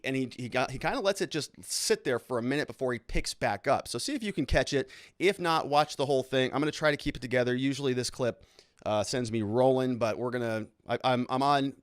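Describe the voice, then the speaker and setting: A man's voice: medium pitch, a little fast, no echo, clean studio sound. Chatty amused man hosting a legal show. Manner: chatty, amused, talks to the viewer directly. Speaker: lawyer and show host. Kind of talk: casual legal commentary.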